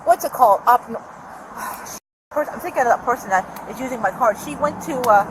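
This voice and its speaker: A woman's voice: a little high, expressive, brisk. A woman in her car in a parking lot, arguing with a deputy in an agitated, rambling way, caught on the officer's body camera. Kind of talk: heated argument with a police officer. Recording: noisy outdoor bodycam audio.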